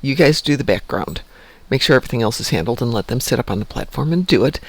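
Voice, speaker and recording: Gravelly, chatty male stream host. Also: medium pitch, lively intonation, fast talker, no room sound. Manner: rambling, chatty, self-joking. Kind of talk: casual morning stream chat. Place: home.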